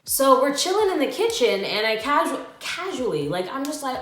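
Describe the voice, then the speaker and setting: A woman's voice: high-pitched, sing-song, moderate pace, hardly any pauses, fairly bright tone. A woman telling a storytime on her travel vlog, slangy and emphatic as she vents. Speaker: travel vlogger. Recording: roomy echo.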